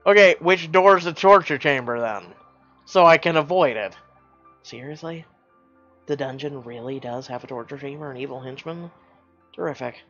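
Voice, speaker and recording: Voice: medium pitch, fairly bright tone, dull audio. Wry streamer reading a story game. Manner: wry, sarcastic asides and laughter.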